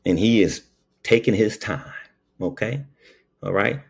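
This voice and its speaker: Slow, gravelly-voiced man telling a story. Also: fairly low pitch. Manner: preachy, drawling, tags lines with "okay?". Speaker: paramedic. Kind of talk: casual storytelling monologue.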